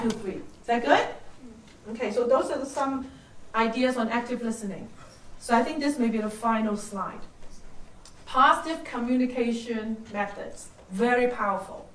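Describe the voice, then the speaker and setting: High-voiced older woman coaching a seminar. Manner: coaching, peppers with "right?" and questions to the audience. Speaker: workshop speaker. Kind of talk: soft-skills seminar talk. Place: seminar room. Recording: echoey room, voice from far off.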